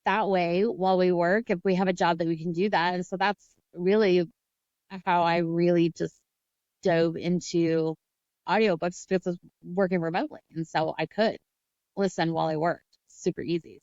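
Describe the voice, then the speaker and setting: A woman co-host talks in a relaxed, conversational way at a middle pitch. The sound is dry and a little dull and lo-fi. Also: brisk, dry recording. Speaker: podcast co-host. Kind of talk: casual interview chat.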